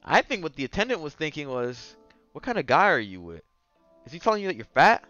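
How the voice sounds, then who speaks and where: Host, young man, casual storyteller, smooth bright tone, jumps from mutters to yelling, dull recording. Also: on the high side, brisk, dry recording, faint music behind. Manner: animated, swings from mumbling asides to yelling bursts. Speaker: podcast host telling a dating story.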